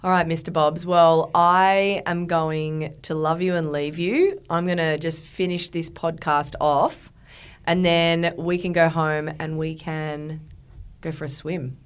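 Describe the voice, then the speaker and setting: A woman's voice: low voice, fairly even intonation, takes it slowly, clean tone. A woman in her thirties hosting a podcast in a studio, chatting casually and rambling with filler words. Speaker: podcast host.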